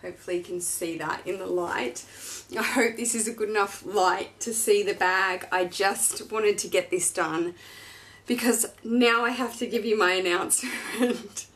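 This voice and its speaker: A woman's voice: mid-range voice, fairly even intonation, a little slow, fairly bright tone. A woman in her thirties, a fashion vlogger, talking in a gushing, chatty and emotional way as she unboxes and shares personal news. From Australia. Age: 30s.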